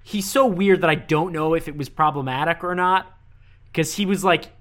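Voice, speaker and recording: A man co-hosting a podcast, chiming in on a reality-show recap in loose, hesitant bursts. His voice is a touch high and bright, with a lively, chatty delivery. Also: moderate pace. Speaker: podcast co-host. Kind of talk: casual recap chat.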